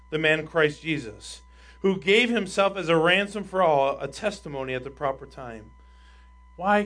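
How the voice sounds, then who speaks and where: A man with a slightly high voice preaches a sermon as pastor. Emphatic throughout, he asks the congregation rhetorical questions while shifting between loud and quiet.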